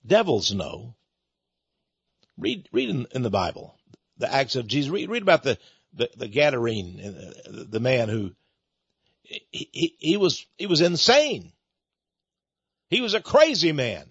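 A man's voice: on the high side, very animated, normal speed, vocal fry, fairly bright tone, husky, no room sound. A man preaching a storytelling sermon about his ministry, repeating and restarting words as he talks, in a dull lo-fi recording.

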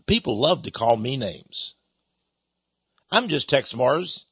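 A man's voice: mid-range voice, very animated, takes it slowly, pauses often, a bit bright, breathy edge, no echo, dull audio. A man from East Texas, hosting a radio talk show and giving a rambling, sarcastic opinion monologue in a folksy way.

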